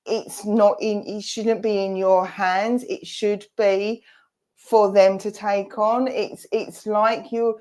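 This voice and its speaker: A woman's voice: mid-range voice, little pitch movement, slow, darkish tone. A woman with an Essex accent, presenting and giving a chatty, reassuring mediumship reading. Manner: chatty, reassuring, speaks for a spirit in asides.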